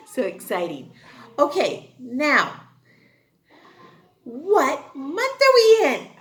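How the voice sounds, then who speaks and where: A woman teaching a kindergarten class. She talks slowly and clearly, asks questions and answers them herself, and praises the children. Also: high-pitched, echoey room. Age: adult. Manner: slow, clear and encouraging. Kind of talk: online class lesson.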